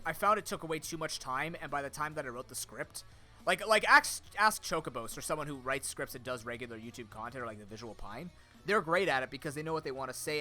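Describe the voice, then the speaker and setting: Young man, bright voice, slightly high pitch, sore throat, rambling casual stream chat, faint background music. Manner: rambling, off-the-cuff, many fillers and restarts; talks to chat and friends off-mic. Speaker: streamer and content creator.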